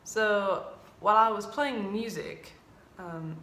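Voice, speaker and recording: A woman's voice: medium pitch, slow pace, reverberant. A young woman in her twenties, an English teacher telling classroom stories in a casual vlog, acting out her students' lines. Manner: animated, acts out students' lines in quoted voices.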